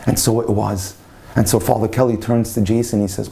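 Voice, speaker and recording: A man, a rabbi, telling a story in a passionate, animated storytelling manner. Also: fairly low pitch, fairly quick, gravelly. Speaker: rabbi and lecturer. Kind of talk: storytelling talk.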